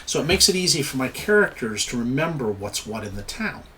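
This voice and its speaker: Man, game master, casual tips talk, chatty, thinks aloud, middling pitch, faint background hiss. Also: sing-song, a little fast, pushed and bright. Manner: chatty, thinks aloud, trails off searching for words.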